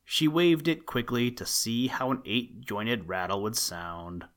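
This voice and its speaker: A man reading a children's story aloud in a measured, gentle way as a podcast host. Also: mid-range voice. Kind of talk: storybook narration.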